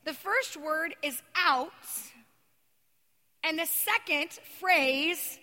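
A woman preacher giving a sermon, telling her story dramatically and swinging between loud cries and hushed, near-whispered passages. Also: very high-pitched, drawn-out words. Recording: long reverb of a large hall.

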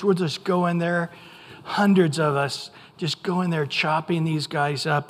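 An older man with an American accent, a pastor preaching a sermon in an animated way, acting out voices now and then. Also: on the high side. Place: church sanctuary. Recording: long hall reverb.

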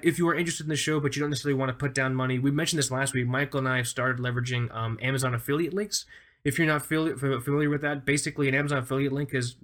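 A man's voice: mid-range voice, a bit bright. A man in his thirties co-hosting a casual podcast, rambling enthusiastically with lots of fillers. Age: 30s. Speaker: podcast co-host.

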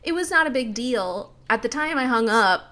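A woman's voice: fairly high pitch, moderate pace. A woman co-hosting a casual chat, telling stories with acted-out quotes. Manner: animated storyteller, acts out quotes. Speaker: podcast co-host.

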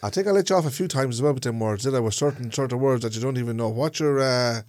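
A man's voice: mid-range voice, quick pace, darkish tone, no room sound. A man co-hosting a podcast in casual chat, teasing his partner and pressing him with questions. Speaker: podcast co-host.

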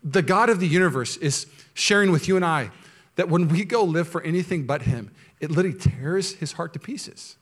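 A male pastor preaching a sermon, moving between quiet, low asides and loud, high, impassioned stretches. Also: lively intonation, a little fast.

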